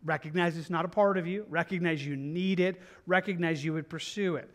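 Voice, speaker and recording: A man's voice: a little high, steady tone, a little fast, fairly bright tone. Earnest man teaching scripture. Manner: earnest, repetitive, conversational with many restarts. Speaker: pastor. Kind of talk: verse-by-verse Bible teaching.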